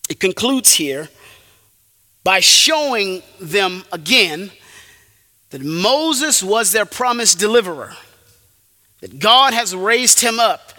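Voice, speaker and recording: A man delivers a sermon in a bright, high voice that climbs and dips with wide, lively swings. He presses his points hard, then drops low for asides. His words ring out with the long reverb of a hall. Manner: emphatic, rises and drops sharply for effect. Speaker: preacher.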